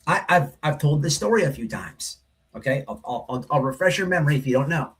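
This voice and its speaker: A man's voice: on the high side, expressive, brisk. A man hosting a livestream, telling a story in a blunt, rambling way, full of profanity and repeated "right?". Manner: rambling, repeats himself, says "right?" often. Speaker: livestream host. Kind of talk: casual storytelling monologue.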